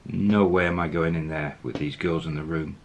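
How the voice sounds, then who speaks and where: A man voicing a bewildered tourist man, muttering quietly and confusedly. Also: extremely low pitch, fairly even intonation, normal speed. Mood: worried.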